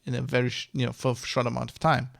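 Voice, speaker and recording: A man's voice: mid-range voice, completely flat delivery, very fast, gravelly, a bit bright, dry recording, clean studio sound. A man with a mother tongue, ranting in a casual vlog, rambling and heated, with many restarts and swearing. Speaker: vlogger. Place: Germany.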